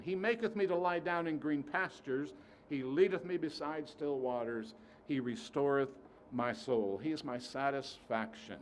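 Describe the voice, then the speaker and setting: A man preaching a sermon, emphatic, who repeats key phrases and swings between loud and soft. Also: medium pitch, a little hiss or hum.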